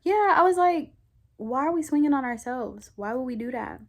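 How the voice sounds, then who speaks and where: A woman's voice: sits high, expressive, normal speed, darkish tone. A woman vlogger talking candidly and reflectively to her viewers, in a rambling, heartfelt, conversational way. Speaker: spiritual vlogger. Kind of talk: candid reflective chat to camera.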